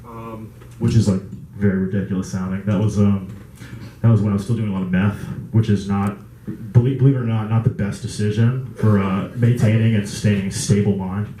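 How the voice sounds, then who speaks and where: Guy doing chanty spoken word poetry at an open mic, lowish voice, roomy echo, faint room noise. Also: fairly even intonation, brisk, mellow. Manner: incantatory, repetitive chanting delivery with occasional asides. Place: small live music venue, indoors.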